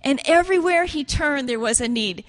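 A woman preaching with earnest emotion, retelling a story in a tearful voice that drops to a hush and rises loudly again. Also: high voice, animated, moderate pace. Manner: tearful, earnest, swings from hushed to loud.

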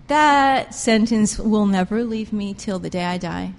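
A woman preaching a sermon with passion, pressing her points hard and swinging between loud emphasis and quiet intensity. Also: mid-range voice, expressive, measured pace, vocal fry, long reverb tail, slight background noise. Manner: impassioned, emphatic, rises and drops sharply in loudness.

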